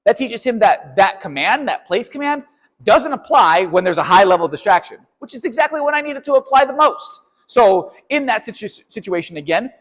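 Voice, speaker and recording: This man's voice is high, brisk and expressive, caught on a low-quality recording with a big-room sound. He's a dog trainer in an instructional training video, walking through obedience step by step and checking in with "right?" and "okay?".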